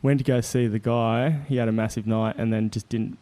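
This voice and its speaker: An Australian man spins a story in relaxed chat, mellow and warm in tone. He is animated and laughs easily, slipping into the voices of the people in his tale. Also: fairly low pitch, fairly quick. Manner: animated, laughs often, acts out quotes. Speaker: guest. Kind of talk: casual storytelling.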